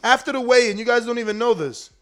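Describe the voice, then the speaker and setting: Casting: high-pitched male streamer, fiery profane boxing rant, slangy. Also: fairly bright tone. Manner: heated, profane, slangy, rapid. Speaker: boxing commentator, show host. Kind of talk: casual livestream rant.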